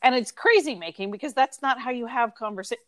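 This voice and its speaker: A woman's voice: on the high side, animated, fast talker, a crowd in the background. A woman co-hosting a casual podcast who has the hiccups and rambles, restarting her sentences. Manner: rambling, with restarts and self-interruptions. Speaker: podcast co-host. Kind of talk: casual book discussion.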